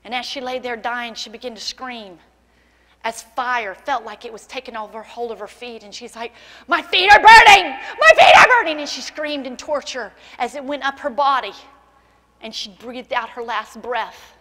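A woman pastor preaching a sermon in a church, impassioned and building to loud cries. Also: a little high, moderate pace, in a large hall. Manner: impassioned preaching, voice rising to cries in acted quotes. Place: church sanctuary.

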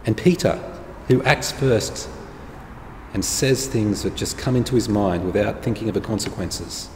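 A man's voice: on the low side, a little mellow. A man preaching a conversational sermon to viewers at home, in a plain-spoken, informal way. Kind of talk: conversational sermon to an online congregation. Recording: echoey hall with faint background noise.

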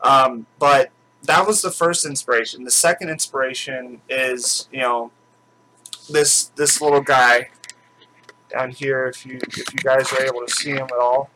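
A man's voice: mid-range voice, steady tone, unhurried, pushed and bright, slight background noise, rough recording. A man hosting his own channel at home, chatting casually and rambling with lots of fillers and restarts. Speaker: channel host. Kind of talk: casual chat.

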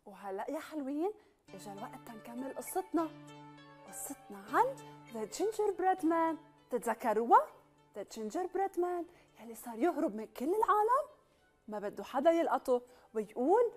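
A woman's voice: high voice, sing-song, racing, soft background music. A woman, teaching children English by reading a storybook aloud and asking them questions in a coaxing way.

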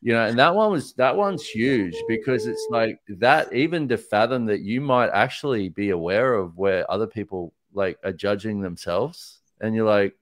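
A man's voice: lowish voice, big pitch swings, normal speed, few pauses. A man speaking as a guest in a casual conversation, reflective and thoughtful.

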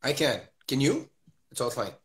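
A man's voice: mid-range voice, wildly swooping pitch, moderate pace, a bit bright, a little hiss or hum. A young man hosting a live video stream, chatting casually, laughing often and greeting viewers by name.

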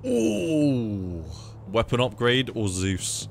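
A man's voice: mid-range voice, huge pitch swings, drawn-out words, vocal fry, faint music behind. A young man streaming a game, chatting casually, swearing freely and reading chat aloud. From United Kingdom. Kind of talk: casual live gameplay commentary.

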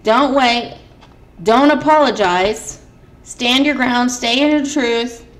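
A woman's voice: fairly high pitch, slow. A woman giving a casual spiritual card reading straight to camera, chatty and emphatic. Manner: chatty, emphatic, lots of filler "like". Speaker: tarot card reader.

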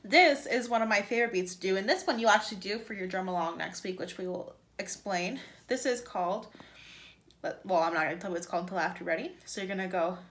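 A woman's voice: mid-range voice, fast talker, fairly bright tone, slight background noise. A woman music teacher giving an upbeat virtual lesson to young children, chanting rhythms for them to repeat.

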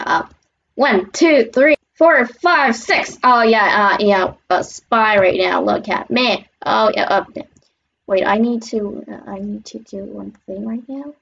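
Excitable woman with a gravelly creak. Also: on the high side, lo-fi sound, slight background noise. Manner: excitable, chatty running commentary with sudden squeals. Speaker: gaming channel host. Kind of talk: casual gameplay commentary.

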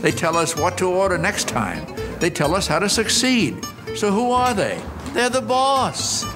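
An older man giving a motivational talk on customer service, an animated storyteller who acts out his anecdotes with punch before a live audience. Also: sits high, moderate pace, over music.

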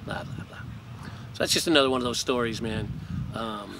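A man's voice: medium pitch, fairly quick, creaky, heavy background noise. A man hosting his own channel, telling a story in a laid-back, profane way and saying "man" at the end of many phrases. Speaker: cannabis breeder and channel host. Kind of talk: casual storytelling.

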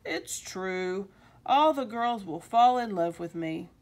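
A woman's voice: medium pitch, animated, slow. Lady reading as fussy old uncle guy, grumbles at his hat, lots of ups and downs. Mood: cheerful. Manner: talks to himself, fretful back-and-forth.

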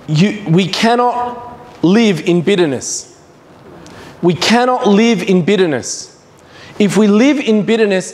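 Guy preaching in a church, high voice, takes it slow, lots of hall echo. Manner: earnest, emphatic preaching with repeated phrases. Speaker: visiting preacher. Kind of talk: sermon.

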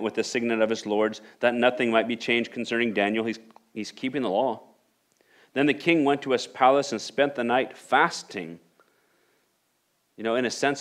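A male pastor preaching a sermon, reading scripture aloud and building to emphatic rhetorical questions. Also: medium pitch. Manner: repeats and restarts phrases while reading scripture aloud.

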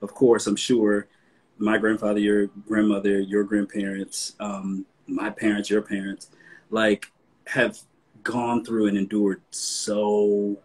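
A man with a Southern US accent hosting a casual interview, talking in a relaxed, conversational way and getting animated when he quotes himself. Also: on the low side, takes it slowly, husky, poor audio. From American South. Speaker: host.

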